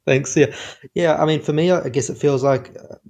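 A man in his twenties calling an advice show, hesitant and halting, full of fillers. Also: on the high side, a little mellow. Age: 20s. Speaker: caller.

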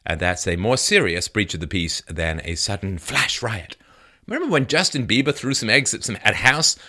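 A man's voice: lowish voice, animated, moderate pace, sharp tone. A man delivering an emphatic, sarcastic political commentary monologue.

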